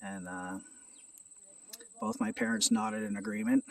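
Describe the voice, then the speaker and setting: Gravelly man, earnest rambling testimony. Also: sits high, wildly swooping pitch, measured pace, far from the mic. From Ontario, Canada. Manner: earnest, rambling, repeats words. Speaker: believer sharing a testimony. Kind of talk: casual spoken testimony. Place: outdoors at a rural house. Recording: voice off from the mic.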